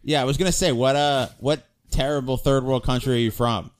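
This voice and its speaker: A man co-hosting a comedy podcast, ribbing a caller in quick, deadpan banter. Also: medium pitch, clean tone. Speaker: podcast co-host.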